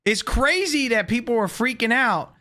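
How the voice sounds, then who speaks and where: A man with a high voice, bright and forceful, gives casual reaction commentary. He talks bluntly and slangily, sounding exasperated at what he watches. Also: expressive, normal speed. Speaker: reaction video host.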